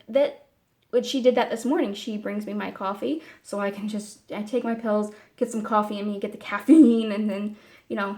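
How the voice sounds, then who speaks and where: A woman talking casually to camera in a personal vlog, meandering and halting, with many fillers and restarts. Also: mid-range voice, steady tone. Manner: soft and candid. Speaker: vlogger.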